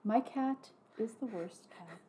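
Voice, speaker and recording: Speaking slowly in a slightly high voice, this podcast co-host is an animated storyteller who swears and loudly performs the quotes in her casual chat. The recording, made on a podcast mic, is very noisy.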